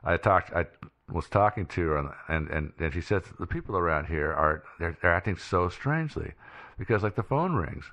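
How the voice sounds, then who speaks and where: A man's voice: low voice, expressive, moderate pace, a bit bright. A man in casual conversation, rambling and restarting his sentences as he thinks aloud. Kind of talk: casual chat.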